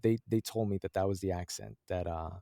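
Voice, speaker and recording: A male audiobook narrator chatting casually in an interview, animated and laughing often as he acts out his own thoughts. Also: deep voice, a little fast, gravelly, no echo, studio quality.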